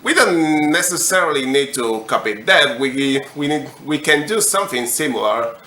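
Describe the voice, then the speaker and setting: A young man hosting a comedic music tutorial, explaining every step in a slow, deadpan way. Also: on the high side.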